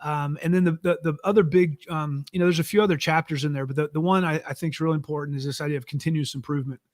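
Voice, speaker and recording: A middle-aged man, an author and former executive, talking in a relaxed, conversational way with frequent fillers in an interview. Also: fairly high pitch, racing, no echo, clean studio sound. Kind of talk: casual interview talk.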